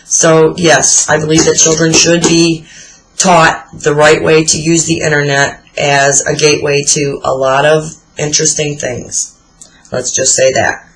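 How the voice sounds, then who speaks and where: A low-voiced woman in her forties talks a little slowly in a level tone, on a low-quality recording with slight hiss or hum. She's vlogging a tag video, casually sharing blunt stories and swearing plenty.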